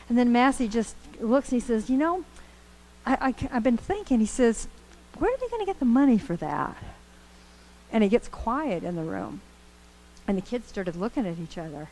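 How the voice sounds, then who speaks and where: A woman's voice: medium pitch, a little mellow, low-quality recording. A woman trainer giving a conversational, upbeat lecture to a group in a meeting room. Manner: conversational, upbeat, storytelling with acted quotes. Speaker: course trainer.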